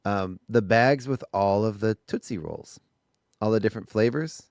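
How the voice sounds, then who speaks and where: A man's voice: fairly low pitch, normal speed, a little mellow, dry recording, studio quality. A man co-hosting a radio morning show, chatting in an easygoing, rambling way. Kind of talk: casual radio banter. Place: radio studio. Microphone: studio microphone.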